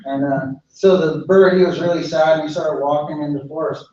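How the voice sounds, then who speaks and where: A man's voice: a little high, fairly quick. Man telling a traditional story in an echoey hall. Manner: relaxed, repeating phrases. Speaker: cultural director, storyteller. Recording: echoey room, far mic, dull.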